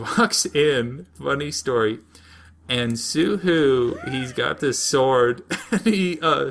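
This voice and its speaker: A man's voice: mid-range voice, fairly bright tone. A man co-hosting a podcast, recapping a show in a rambling, jokey way and slipping into silly put-on voices. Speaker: podcast co-host. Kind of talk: casual comedic recap.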